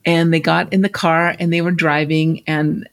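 A woman's voice: deep voice, moderate pace. A middle-aged woman, a life coach hosting a podcast, tells a personal story conversationally and acts out the people in it. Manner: animated, acts out quoted voices.

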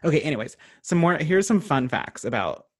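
A young man from Virginia co-hosting a casual podcast chat, making sarcastic, quick comic asides. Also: a little high, big pitch swings. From Virginia, USA. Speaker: podcast co-host.

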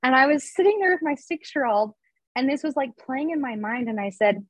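A woman's voice: high-pitched, lively intonation, brisk, no room sound. A woman in her thirties, a podcast guest, openly telling a personal story in a confessional, conversational way. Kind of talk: candid personal storytelling in an interview.

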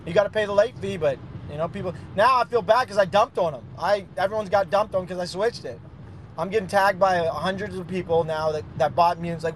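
A man's voice: high voice, fast talker, a little hiss or hum. A man boasting and ranting profanely in a casual chat. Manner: brash, boastful, rambling rants.

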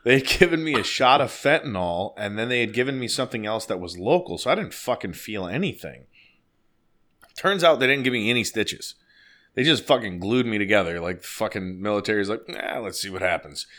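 A man telling a story in casual, profane chat, animated and laughing as he goes. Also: lowish voice.

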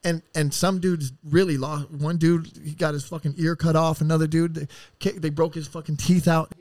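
A man telling rough stories as a podcast guest, casual and full of swearing, rambling and acting out what people said. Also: fairly high pitch, flat delivery, moderate pace, a little mellow, dry recording, clean studio sound. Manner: profane, rambling, acts out quotes. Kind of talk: casual storytelling.

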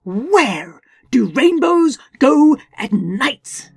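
Woman doing a little girl, high and shouty, super excited. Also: very slow, slightly rough, no room sound, clean studio sound, heavily acted. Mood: exultant. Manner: high, loud and exuberant. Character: excited young girl, curious and joyful.

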